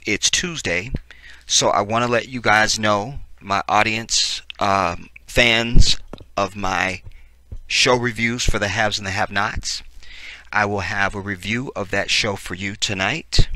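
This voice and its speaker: A man's voice: fairly low pitch, a little slow, bright, forceful tone, poor audio. A male show host giving casual commentary, reading news articles aloud and chatting directly with viewers between asides. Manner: chatty, addresses viewers directly, frequent fillers.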